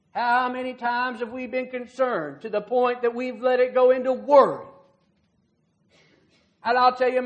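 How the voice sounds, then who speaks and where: Male preacher, very high-pitched, folksy sermon delivery with dramatic swells. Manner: earnest, folksy preaching with rhetorical questions.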